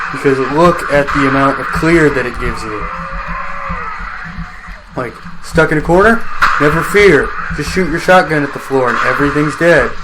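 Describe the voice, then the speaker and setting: A man's voice: medium pitch, heavy background noise. A man giving casual let's-play commentary on his own game, rambling and chatty, joking with the enemies as they come at him.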